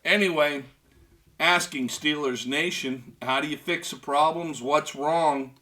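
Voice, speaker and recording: Man, sports radio host, bright voice, fairly high, wisecracking, casual. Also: unhurried. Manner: wisecracking, does mock voices and laughs. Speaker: radio show host reading fan comments.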